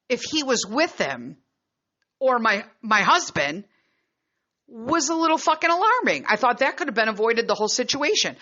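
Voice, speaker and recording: A woman podcaster from the United States telling a travel story in a blunt, profane, animated way. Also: medium pitch, highs cut off. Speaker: podcast host. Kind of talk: casual storytelling monologue.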